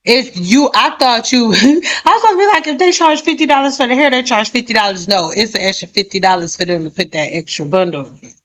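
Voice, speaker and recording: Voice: mid-range voice, animated, brisk, fairly bright tone, poor audio. Reaction commentator, casual and wry, laid-back, mid-range voice.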